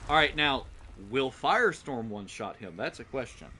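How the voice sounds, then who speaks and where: A man playing a co-op game and chatting about it casually, excitable as he comments on the action. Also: mid-range voice, moderate pace, slight background noise. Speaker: co-op gameplay streamer. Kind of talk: casual gaming chat.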